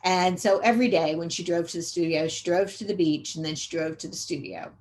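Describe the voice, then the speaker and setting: A middle-aged woman giving a conversational training lecture to educators, repeating key points for emphasis and often pausing on "um". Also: on the low side, darkish tone. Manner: conversational, repetitive emphasis, frequent um fillers. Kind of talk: recorded training webinar lecture.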